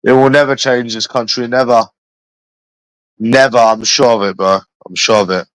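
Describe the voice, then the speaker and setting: A man's voice: mid-range voice, normal speed, a bit bright, no echo, rough recording. Foul-mouthed English man rambling on stream. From London, England. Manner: crude, swears constantly, addresses viewers by name. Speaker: livestreamer. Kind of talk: rambling casual livestream chat.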